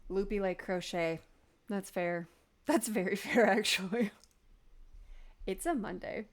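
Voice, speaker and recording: A woman's voice: mid-range voice, unhurried. Chatty woman knitting on stream. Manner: chatty, rambling, laughs often. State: recovering from being sick. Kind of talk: casual chat while knitting on a live stream.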